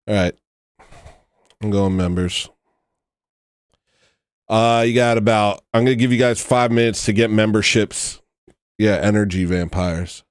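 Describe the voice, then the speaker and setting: A man's voice: lowish voice, measured pace, pauses often, clean tone, dry recording, clean studio sound. A man hosting a livestream, talking casually in a sarcastic, exasperated way, sounding tired. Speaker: livestream host.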